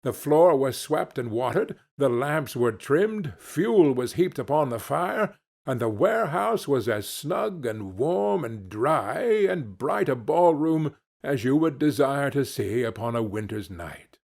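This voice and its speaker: Man reading an audiobook, slow and deliberate, lots of ups and downs in his voice. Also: mid-range voice, very animated, vocal fry, a little mellow. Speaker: audiobook narrator. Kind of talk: scripted narration.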